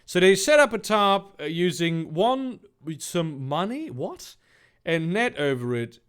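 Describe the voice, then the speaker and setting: Brief: man reading bad fanfic for laughs, mocking asides, lively pitch, a touch high. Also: measured pace, clean tone. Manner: sarcastic, incredulous, swearing, mocking asides. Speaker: host reading fanfiction aloud. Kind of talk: comedic reading with commentary.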